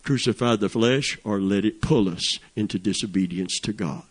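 A man's voice: fairly low pitch, moderate pace, slightly rough. An older man preaching a sermon in a fervent, folksy way, calling out praise as he teaches.

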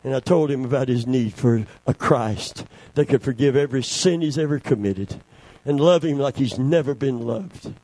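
A man preaching a sermon as pastor, full of amens and praise calls, swinging between loud declaring and hushed slow passages. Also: mid-range voice, no echo.

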